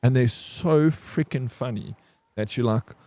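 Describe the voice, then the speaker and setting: A man's voice: medium pitch, a little slow, dark tone, no echo. A man, hosting a livestream and chatting casually in a rambling, candid way, swearing now and then. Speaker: livestream host. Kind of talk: casual stream chat.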